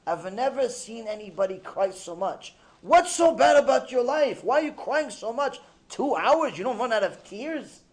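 A man's voice: high voice, very animated, moderate pace. A man voicing a stubborn, pushy American stranger who keeps prying with persistent questions.

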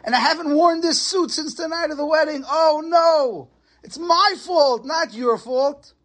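A man voicing a flustered young groom who owns up to a mistake. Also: a little slow. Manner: excited, high and loud.

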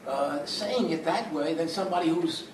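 A male student speaks up with a hesitant, thoughtful comment. He is heard from far off in an echoey room. Noise runs clearly underneath. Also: fairly high pitch, normal speed. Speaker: student in the class. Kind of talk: class discussion comment. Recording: distant echoey room mic with background noise.

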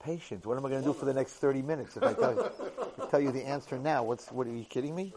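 A man giving a Torah lecture who tells a lively first-person story. He acts out the dialogue and swings between hushed and loud delivery. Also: mid-range voice, fast, crowd noise.

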